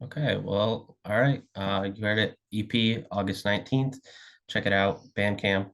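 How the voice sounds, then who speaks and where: A man's voice: on the low side, a little slow, a bit bright. A man interviewing a guest over a video call, easygoing and hesitant, with many "uh"s and "um"s. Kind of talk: casual interview chat.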